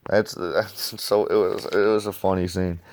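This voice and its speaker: A slangy man rambling through a casual comic review, swearing often. His voice sits fairly low and sounds smooth and resonant. The sound is close and dry. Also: flat delivery, a little slow, no echo. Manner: slangy, rambling, says dude a lot; swearing freely.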